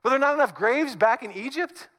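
A man voicing the panicked Israelites, complaining to their leader in a high, mocking, whiny tone. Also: expressive, a little fast, a bit bright. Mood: sarcastic.

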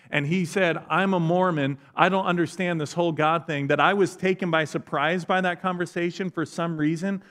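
A man's voice: fairly high pitch, fairly bright tone. A man preaching a sermon, telling personal stories in a conversational, self-deprecating way with touches of humor. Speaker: pastor.

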